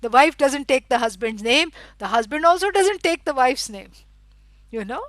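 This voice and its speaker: A middle-aged woman teaching a scripture lecture. She explains at length, fills pauses with "you know" and stresses words for emphasis. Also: sits high, animated, no echo, low-quality recording. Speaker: Vedanta teacher.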